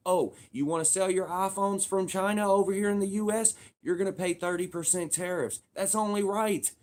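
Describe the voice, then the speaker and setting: A man's voice: high-pitched, normal speed, a little mellow, voice pushed up, lightly acted. Brash male president type, smug and emphatic, done by a man in a raised voice. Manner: smug, matter-of-fact, emphatic. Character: brash male president laying down the law on trade.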